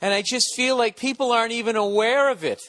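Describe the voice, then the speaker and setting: Podcast host, man in his 40s, from the United States, high bright voice, sarcastic profane rant. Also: brisk. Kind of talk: solo comedic rant.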